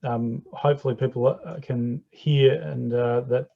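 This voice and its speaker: Male forum host, hesitant and friendly, mellow voice, muffled call sound. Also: mid-range voice, steady tone, measured pace, creaky. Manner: hesitant, many fillers, friendly. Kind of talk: hosting an online forum. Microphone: video call. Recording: dull lo-fi video call audio.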